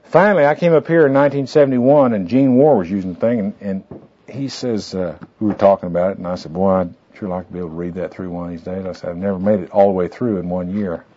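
A man's voice: sits low, fast talker, a little hiss or hum. A man leading a small group through a goal-setting handout, talking in a folksy, rambling way with fillers and asides. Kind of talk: informal classroom talk with anecdotes. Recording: dull lo-fi tape recording.

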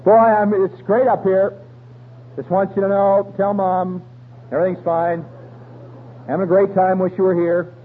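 A preacher putting on a breezy, chipper telegram voice. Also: male voice, high voice, level tone, normal speed, long pauses, natural voice. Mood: cheery. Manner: breezy, chatty. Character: cheerful man sending a telegram home from heaven. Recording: tinny radio broadcast with faint hum.

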